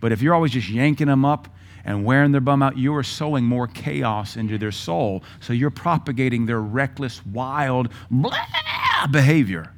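Middle aged pastor preaching, punchy n emphatic, mid-pitched voice. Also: male voice, moderate pace, few pauses. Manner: emphatic, punchy lists of words. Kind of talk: sermon.

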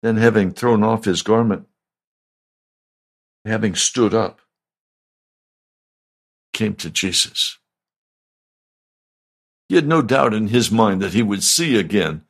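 A male pastor delivering a radio sermon, asking slow, emphatic questions. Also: fairly low pitch, animated, breathy edge.

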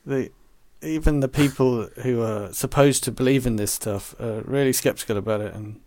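A man's voice: medium pitch, normal speed, a little mellow, no echo. A man co-hosting a podcast, chatty, asking questions and joking along. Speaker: podcast co-host. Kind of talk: casual film discussion.

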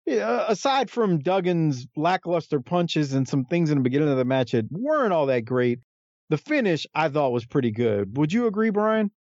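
A podcast co-host with a fairly high-pitched voice talks through a wrestling match at a moderate pace, raising his voice as he animatedly acts out the wrestlers' lines. The recording is dry and the audio dull.

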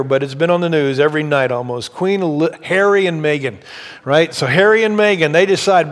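A man preaching a sermon as pastor, telling a story in an animated way with shifting pace and emphasis. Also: a little high, brisk. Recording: long reverb of a large hall.

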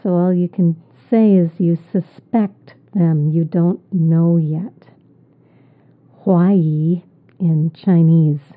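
A woman's voice: lowish voice, steady tone, drawn-out words. A woman teaching English vocabulary, repeating each word and explaining it patiently. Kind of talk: slow, deliberate vocabulary lesson. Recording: tinny phone-like audio.

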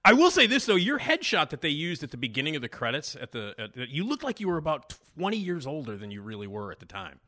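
A man's voice: a little high, huge pitch swings, fast talker, hardly any pauses, bright, forceful tone. A man hosting a podcast interview, asking enthusiastic, chatty questions. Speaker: podcast host.

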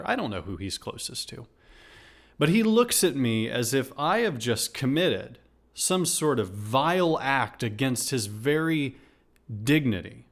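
A man hosting a podcast, telling a comedic story in a rambling, sarcastic way with many restarts and asides. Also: mid-range voice. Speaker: podcast host. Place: Houston.

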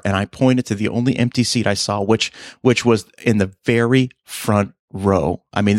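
A male podcast host in easy, casual conversation, telling stories with lots of animation. His voice sits at a middle pitch and rises sharply when he acts out other people. The recording is dry and close, with no room sound. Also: dry recording. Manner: animated storyteller, voice jumps high for quoted lines. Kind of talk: casual chat.

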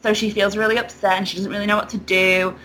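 Woman, chatty storyteller, bright voice, faint hiss. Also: medium pitch, fast, poor audio. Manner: animated storyteller, laughs often. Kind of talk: casual chat.

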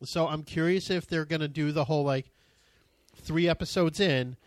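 A man's voice: on the high side, moderate pace, dry recording. A man hosting a casual podcast, talking in a laid-back, joking, slangy way. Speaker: podcast host. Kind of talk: casual chat.

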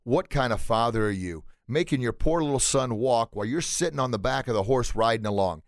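A man voicing an indignant townsperson who yells insults in a raised, high voice. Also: animated, a little fast, no room sound, clean studio sound, close to an everyday voice. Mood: scolding. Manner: indignant, high-pitched, shouting. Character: shrill, scolding townsperson yelling insults.

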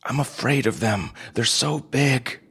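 A man's voice: on the low side, slow, creaky, bright, forceful tone, slightly rough, pitched above the performer's own voice, exaggerated voice. A man voicing a frightened young nephew who speaks in a raised, strained, pleading voice. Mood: anxious.

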